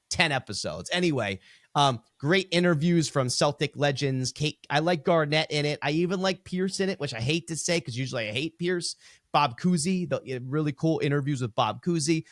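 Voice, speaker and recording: A man co-hosting a podcast in casual chat, blunt and profane, ranting with animated energy. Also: on the high side, no echo, studio quality. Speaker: podcast co-host.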